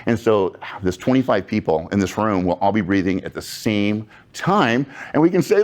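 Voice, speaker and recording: Low-voiced man guiding group breathing. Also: expressive, normal speed, a little mellow. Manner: casual, chatty and upbeat, with asides to the audience. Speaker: breathing workshop leader. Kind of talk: guided breathing instruction to a live group. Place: room with about twenty-five people.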